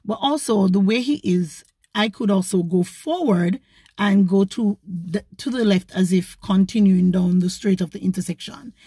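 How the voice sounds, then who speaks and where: A woman, a vlogger, retelling a story in an animated, indignant way. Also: mid-range voice, moderate pace, husky, no echo. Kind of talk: storytelling to camera.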